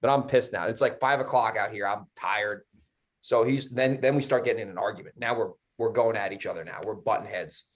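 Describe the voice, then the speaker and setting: A podcast co-host with a lowish voice speaks fairly quickly while telling a story casually. He gets heated and profane, acting out both sides and mimicking the other people involved.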